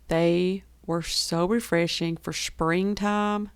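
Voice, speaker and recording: A woman with a rural Southern US accent talks through her baking day in a casual, chatty voice-over. Her voice sits a little low and has a gravelly fry to it. It is recorded close and dry, with almost no room sound. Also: steady tone, slow pace, hardly any pauses, no room sound. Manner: chatty and enthusiastic, laughs easily. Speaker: homestead baking vlogger.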